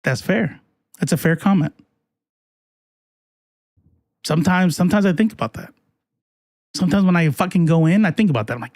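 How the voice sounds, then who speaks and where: A fairly high-voiced man ranting on a live stream, heated and profane, tripping over restarts as he answers chat. The sound is close and dry, with no room around him. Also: expressive, a little fast, a little mellow, no room sound. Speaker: political commentary streamer. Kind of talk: casual live-stream commentary reading chat.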